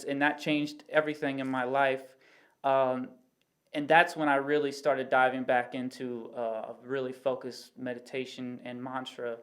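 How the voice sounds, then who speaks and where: A man talking as a podcast guest in a casual, reflective way, rambling a little and explaining his views through everyday analogies. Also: medium pitch. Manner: rambling, full of "you know what I mean" asides.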